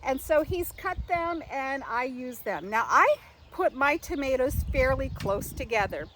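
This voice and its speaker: A woman's voice: high-pitched, expressive, a little slow, noisy background. An older woman gives a rambling, casual how-to chat outdoors in her home garden, full of fillers and restarts, speaking to a camera she set up herself. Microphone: camera set up and angled by herself.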